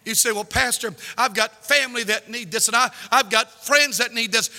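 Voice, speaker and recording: A male pastor preaching a fervent sermon in a church, climbing into shouts and repeating words as he presses his points. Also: extremely high pitch, normal speed, vocal fry, big-room sound. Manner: repeats words when excited. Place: church sanctuary.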